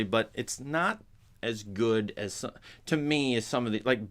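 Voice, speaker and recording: A man's voice: on the low side, a bit bright. A man chatting casually to his viewers as a film commentator, rambling with restarts and asides.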